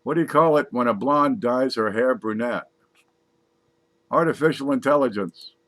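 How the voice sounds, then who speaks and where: A man's voice: medium pitch, normal speed, fairly bright tone, slight background noise. A man casually reading jokes aloud, laughing at his own punchlines and adding wry asides. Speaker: comedy joke reader.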